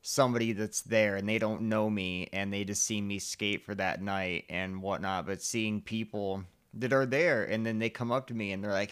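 A man's voice: on the low side, steady tone, normal speed, hardly any pauses, fairly bright tone. A man hosting a podcast, talking in a laid-back way with casual swearing. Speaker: podcast host. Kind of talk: casual interview chat.

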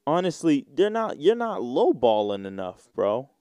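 A young man hosting a casual solo podcast, telling stories in an animated way and slipping into mocking voices. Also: mid-range voice, a little slow, clear, resonant tone, dry recording, studio quality. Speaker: podcast host.

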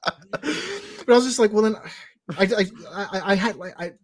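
A man's voice: very animated, a little slow, husky, dry recording. A man from California co-hosting a podcast, telling a long story in casual chat with many restarts and fillers. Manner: acts out quoted voices in a higher pitch. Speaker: podcast co-host.

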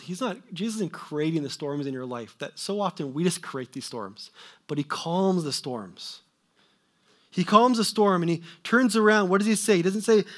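In this sermon, the male preacher's voice sits fairly high. He asks emphatic questions at full volume, then drops into soft asides that trail away.

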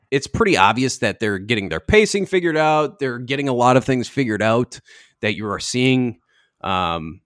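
Young male co-host, rambling wry recap, animated pitch, dry close sound. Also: no echo. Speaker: podcast co-host. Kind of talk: casual episode recap.

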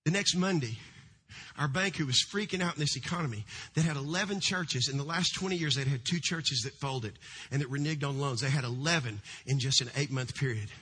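A middle-aged man, a pastor, preaching a sermon in a large church, with fervent swings between loud cries and hushed storytelling. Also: medium pitch, a little fast, slightly rough.

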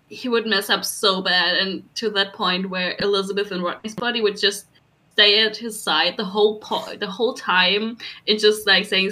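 A young woman co-hosting a podcast in casual chat, excitable and gushing. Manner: excitable, gushing, swings high when amazed. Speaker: podcast co-host.

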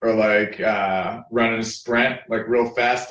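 A man's voice: fairly low pitch, steady tone, slow pace, hardly any pauses, fairly bright tone, dull audio. A man joining a jokey podcast as a remote guest, rambling with lots of fillers. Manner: rambling, filler-heavy talk. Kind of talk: jokey comedy podcast chat. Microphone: remote call. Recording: roomy remote call, distant from mic.

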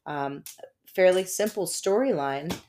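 By a fireplace at home, a woman co-hosts a podcast in casual, chatty, rambling conversation, laughing often. Her voice is fairly low, slow, and darkish, with slight background noise.

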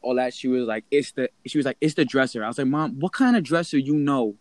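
Young man, casual animated storyteller, slangy, dry sound. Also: medium pitch, quick pace, no room sound. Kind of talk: casual chat.

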